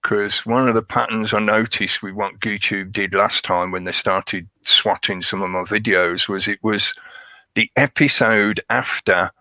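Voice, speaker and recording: A man's voice: lowish voice, steady tone, measured pace, sharp tone, no echo. A man hosting a livestream, rambling through a conspiratorial monologue and greeting his chat. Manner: rambling, conspiratorial, chuckles at his own jokes. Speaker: livestream host.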